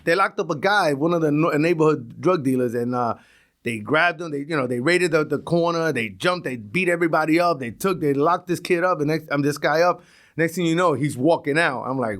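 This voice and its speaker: A man's voice: fairly high pitch, fairly quick. A middle-aged man with a New York accent, telling stories on a podcast and acting out the voices of the people in them. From East New York, Brooklyn. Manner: animated, acts out voices in his stories, swears. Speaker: podcast guest. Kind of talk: casual storytelling.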